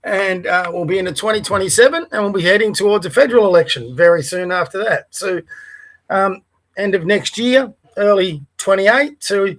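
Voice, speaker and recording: A man's voice: high voice, normal speed, a bit bright. A man hosting a conservative livestream podcast near the bay, chatting casually with many fillers and reading a Bible passage aloud. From Australia. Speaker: podcast host. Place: Melbourne, by the bay.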